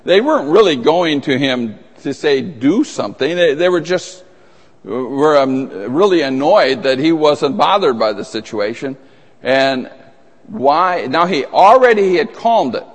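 Male preacher, slightly high voice, conversational sermon, long hall reverb. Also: animated, a little slow. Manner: conversational, emphatic, with asides and restarts.

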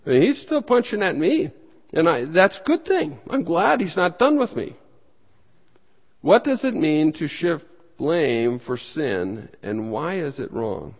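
Unhurried but with big pitch swings, a man preaches as a pastor at a Bible study. He poses questions to the room and supplies the answers himself, his emphatic delivery spiking suddenly in pitch and volume. The audio is dull, with long hall reverb.

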